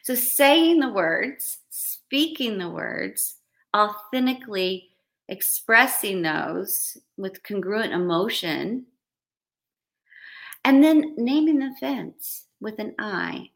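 A woman who counsels couples, giving earnest advice on a podcast in a slow, reflective way with light laughs. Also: mid-range voice, animated, creaky, fairly bright tone. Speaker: podcast host and couples therapist.

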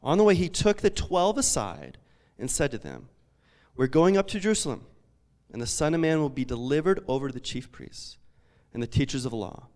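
A man in his thirties preaches a sermon in a high, lively voice that swings up and down. He tells stories in a loose, self-deprecating way and keeps checking in with his listeners. His talk is full of restarts and fillers. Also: fairly quick. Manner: storytelling, animated, self-deprecating, many fillers. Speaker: pastor.

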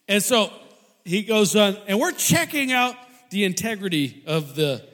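A man telling a funny personal story to an audience, animated and laughing often mid-sentence. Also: high-pitched, measured pace, long reverb tail.

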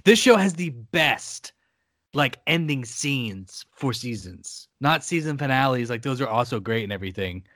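A man's voice: medium pitch, expressive, normal speed, a bit bright, no room sound, studio quality. A man co-hosting a podcast, chatting casually and steering the talk in a laid-back, wry way. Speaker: podcast co-host. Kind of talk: casual chat.

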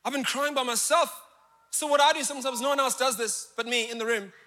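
A male preacher with a strikingly high, sharp, bright voice delivers an impassioned sermon. His delivery jumps from fervent outbursts to quiet, intimate confession. A long church-hall reverb trails every phrase. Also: steady tone, fairly quick. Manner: impassioned preaching with sudden swings from shouts to hushed confession. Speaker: pastor.

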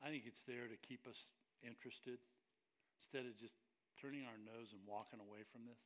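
A man preaching a sermon as pastor, animated and joking with the congregation. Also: mid-range voice, a little fast.

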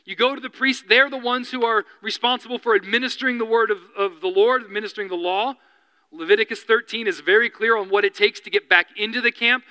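A man's voice: sits high, fast talker, bright, forceful tone, clean tone, long reverb tail. A man preaching a sermon as pastor, earnest and building to impassioned appeals.

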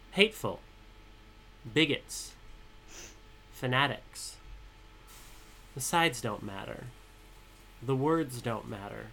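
A man co-hosting a podcast, joking dryly and then reading his own political poem in a measured way. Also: mid-range voice, fairly bright tone, a little hiss or hum. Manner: dry, teasing, measured when reading. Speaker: podcast co-host and poet. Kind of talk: casual chat and poetry reading.

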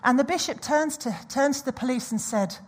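Woman preacher, husky, fairly high voice, animated storytelling sermon. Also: a little fast. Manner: animated storytelling with audience asides.

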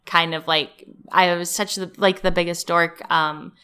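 Chatty woman with a smooth, lowish voice. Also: fairly even intonation, unhurried, sharp tone. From American Midwest. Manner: chatty, heavy "like" fillers, laughs often. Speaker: guest, comedic actress. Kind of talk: casual interview chat.

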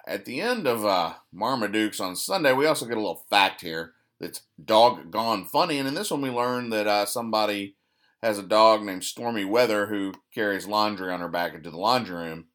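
A man with a lowish voice talks through newspaper comics in a dry, deadpan way. He rambles and trips over his words, fixing himself mid-sentence. His explanations of each gag come out flat and sarcastic. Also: moderate pace. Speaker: podcast host. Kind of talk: deadpan comic-strip recap.

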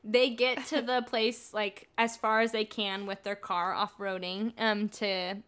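A woman's voice: mid-range voice, level tone, measured pace, fairly bright tone, smooth. A young woman co-hosting a casual chat, retelling a story with lots of laughter and "like" fillers. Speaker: podcast co-host recapping a novel.

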